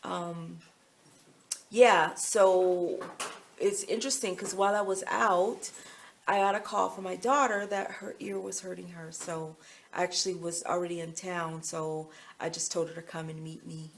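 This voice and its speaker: A middle-aged American woman with an American accent, talking into a handheld phone out in town. Her voice has a gravelly fry, and she wanders from thought to thought with plenty of ums and likes. A faint hiss of outdoor noise sits behind her. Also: fairly low pitch, steady tone, moderate pace. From United States. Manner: chatty, meandering, full of fillers. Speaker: vlogger. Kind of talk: casual rambling chat.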